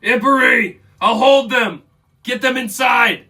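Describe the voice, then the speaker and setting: A man voicing a wounded male snow leopard beastfolk warrior who shouts commands to protect his friends. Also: very high-pitched, slow, pitched above the performer's own voice, full character voice. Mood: urgent.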